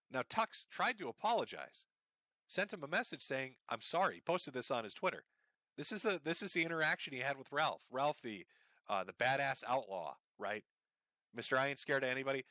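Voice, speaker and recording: A man's voice: medium pitch, very animated, normal speed, pushed and bright, no room sound, clean studio sound. A man hosting a commentary show, talking sarcastically over clips, often laughing and swearing. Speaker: commentary host.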